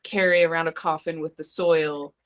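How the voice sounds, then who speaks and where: A woman's voice: low voice, fairly even intonation, moderate pace. A woman speaking as a guest on a casual movie podcast, easygoing and laughing a lot. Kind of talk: casual chat.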